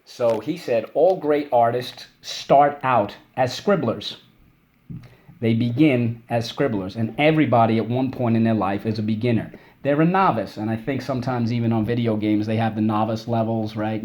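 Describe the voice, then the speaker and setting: A man teaching a recorded spelling lesson for children, upbeat and encouraging, drawing out syllables slowly as he drills words. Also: on the low side, steady tone, darkish tone.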